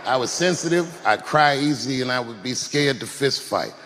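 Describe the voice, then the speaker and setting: A man's voice: medium pitch, lively intonation, moderate pace, a bit bright, a little hiss or hum. A man giving a heartfelt tribute speech, speaking earnestly and directly to his mother. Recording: reverberant hall.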